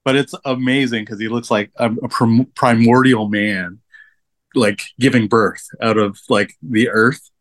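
A man's voice: medium pitch, fairly even intonation, a little slow. A man joining a casual film podcast as a guest, talking in a loose, rambling way with many fillers.

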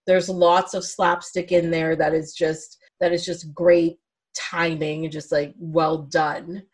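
A woman with a lowish voice in a relaxed movie conversation. She talks freely and laughs easily. Her voice often fades into soft, muttered asides. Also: slow. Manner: chatty, laughs often, trails off into quiet asides. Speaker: podcast co-host. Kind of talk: casual chat about movies.

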